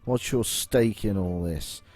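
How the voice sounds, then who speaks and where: A man reading the lines of a female adventurer hero in a deep, deliberate voice. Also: a little mellow, dry recording. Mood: calm.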